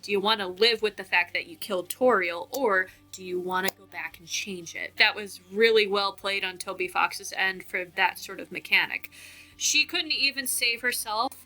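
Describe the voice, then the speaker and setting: A young woman giving a casual, animated video essay analysis and drawing out key words as she talks. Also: medium pitch, normal speed, few pauses, low-quality recording.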